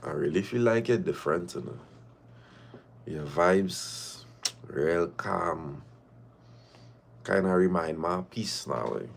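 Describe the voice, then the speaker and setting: A man voicing a smooth-talking young man with a soft, low-key voice. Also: animated, slow pace, pauses often, a little hiss or hum, exaggerated voice. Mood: sweet-talking.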